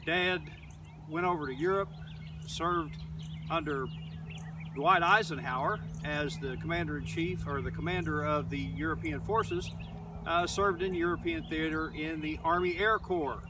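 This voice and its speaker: A man's voice: on the high side, unhurried. An older man from Oklahoma, a middle school teacher giving a casual, rambling lesson outdoors in his garden, with many fillers. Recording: distant mic, faint outdoor noise.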